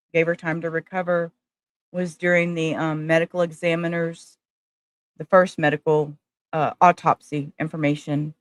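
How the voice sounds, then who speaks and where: A woman's voice: lowish voice, no room sound. A woman hosting a casual livestream, talking emotionally and straight to her viewers. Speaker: livestream host.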